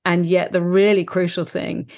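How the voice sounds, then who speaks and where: A woman's voice: on the low side, level tone, normal speed, creaky, dry recording. A woman hosting a podcast interview, affirming her guest and summing up what she has said. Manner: warm affirming, sums up the guest's points. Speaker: podcast host.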